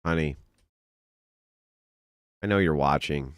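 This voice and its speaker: A man's voice: very deep voice, slow, clear, resonant tone, no echo. A man streaming, mocking a clip with dry sarcasm. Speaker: streamer and debate host. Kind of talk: mocking live-stream commentary.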